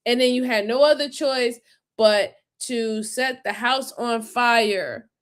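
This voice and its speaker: A woman with a New York accent, co-hosting a casual reaction commentary in an animated way, often repeating her words. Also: on the high side, takes it slowly. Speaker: co-host.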